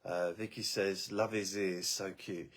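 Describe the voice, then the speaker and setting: Slow husky man chatting. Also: low voice, flat delivery, fairly bright tone. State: voice tiring. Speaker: vlogger on a live stream. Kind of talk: casual live-stream chat.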